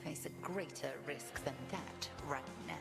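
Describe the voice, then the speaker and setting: A stern female video game character delivers formal warnings in a very low, gravelly voice. The game's music plays faintly behind her. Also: measured pace, fairly bright tone.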